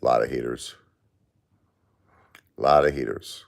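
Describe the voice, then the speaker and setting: A man's voice: a bass voice, fairly even intonation, measured pace, gravelly. A grieving man hosting a live stream, talking in an aggrieved, plaintive, repetitive way and answering chat. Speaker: livestream host.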